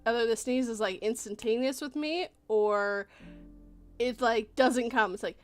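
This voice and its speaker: A woman hosting a casual chat stream, animated and giggling often. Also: fairly high pitch, a little slow, faint music behind. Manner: giggly, animated, bursts into laughter. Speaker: stream host.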